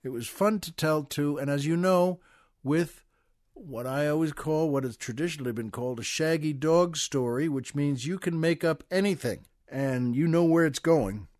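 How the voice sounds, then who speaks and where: An older American man hosting a comedy show, telling a long joke with folksy, chuckling asides in a relaxed way. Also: a little high, normal speed, dry recording, clean studio sound. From United States. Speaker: podcast host. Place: studio.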